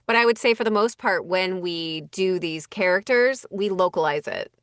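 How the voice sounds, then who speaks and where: A woman's voice: on the low side, moderate pace, a bit bright, clear, resonant tone, dry recording, clean studio sound. A woman who works as a voice director and casting associate, talking casually in an interview and thinking aloud with lots of fillers. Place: Los Angeles.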